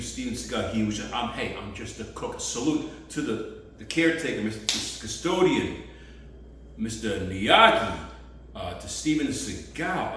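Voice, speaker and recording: A man rambling through a loose stand-up routine out on the street, with sudden loud bursts. He is heard from a distance, in a very echoey space with faint background noise. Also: mid-range voice. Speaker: street comedian. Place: outdoors on the street.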